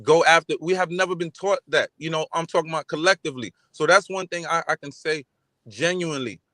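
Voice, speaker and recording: A man in casual chat, talking in an animated, emphatic way and repeating his phrases. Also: fairly high pitch, a little fast, dry recording.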